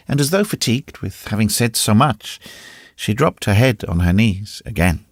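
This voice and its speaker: Male audiobook narrator, dramatic reading, gravelly, dry close sound. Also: lowish voice, expressive, moderate pace, no echo. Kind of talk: scripted narration.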